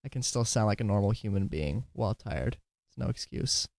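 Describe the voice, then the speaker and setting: A man's voice: on the low side, animated, brisk, creaky, darkish tone, no room sound. A tired man hosting a casual solo podcast, rambling and giggling, slurring his words at times. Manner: giggly, rambling, self-deprecating. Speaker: podcast host.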